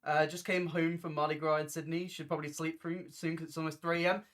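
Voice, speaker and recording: A woman chatting on a casual livestream from her home floor at night, loud, scattered and giggly as she talks. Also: low-pitched, little pitch movement, fast talker.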